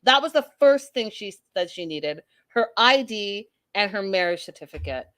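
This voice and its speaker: A woman's voice: mid-range voice, animated, moderate pace, fairly bright tone. A woman hosting a casual recap show, blunt, sassy and profane. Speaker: host.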